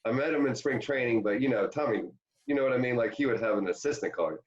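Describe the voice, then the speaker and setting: A man's voice: mid-range voice, quick pace. A man, a former pro ballplayer, telling rambling anecdotes full of fillers in a casual interview. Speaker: former pro baseball player, guest. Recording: dull lo-fi sound.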